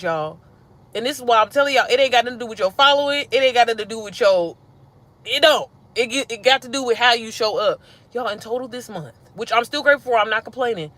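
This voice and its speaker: A woman hosting a casual livestream, her voice bright and forward. She talks in an animated, slangy way, addressing her viewers directly like friends. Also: medium pitch. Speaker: livestream host.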